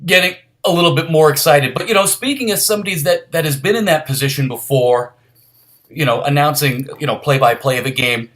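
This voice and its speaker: A man's voice: a little high, brisk, a bit bright. A man co-hosting a casual sports podcast, telling stories and thinking aloud with many fillers. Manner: storytelling, reflective, filler-heavy. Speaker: podcast co-host.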